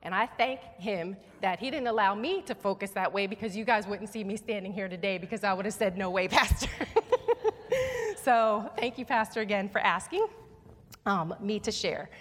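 A woman's voice: medium pitch, brisk, a bit bright. A woman preaching a sermon in a church sanctuary, her voice carrying a long reverb off the walls. Her delivery is earnest and emphatic, and she coaxes listeners to repeat her words back. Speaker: guest preacher.

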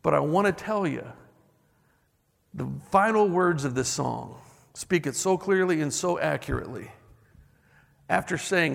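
A man's voice: a little high, expressive, measured pace, vocal fry, long pauses, in a large hall. A man preaching a sermon in a church, reading song lyrics aloud and building emphasis as he goes. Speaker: pastor.

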